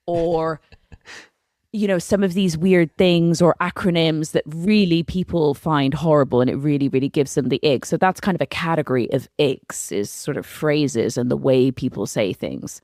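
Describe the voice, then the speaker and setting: Chatty British woman, lowish voice. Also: normal speed, a little mellow, no echo, studio quality. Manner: chatty, frank and self-deprecating, many "like" fillers. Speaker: podcast co-host. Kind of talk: casual conversational podcast chat.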